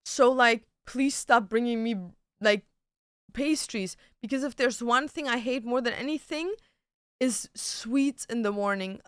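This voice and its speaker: High-voiced ranting young woman streamer. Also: fairly bright tone, clear, resonant tone, no echo, studio quality. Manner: ranting storytelling with frequent likes and swearing. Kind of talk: casual livestream chat.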